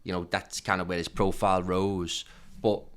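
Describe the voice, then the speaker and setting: A man answering interview questions in a relaxed, businesslike way, with the odd filler. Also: low-pitched, normal speed, smooth.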